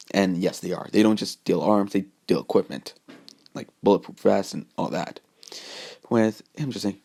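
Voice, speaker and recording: A man's voice: sits low, brisk, creaky, mellow, slightly rough. A man casually narrating a fan story in a rambling way, with many fillers and restarts.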